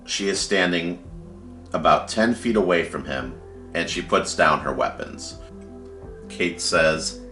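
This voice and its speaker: A man's voice: a bass voice, slow, pushed and bright, reverberant, soft background music. A man casually retelling a story he wrote, with fillers like "like" and "kinda". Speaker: fan storyteller.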